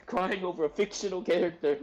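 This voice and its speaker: A man's voice: high-pitched, a little mellow, lo-fi sound. A man playing a tabletop game, ranting with raw emotion and heavy swearing in casual chat.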